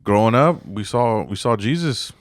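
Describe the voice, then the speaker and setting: A comedian rambling through profane stories in a casual podcast chat. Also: male voice, on the low side, lively intonation, normal speed, no echo, clean studio sound.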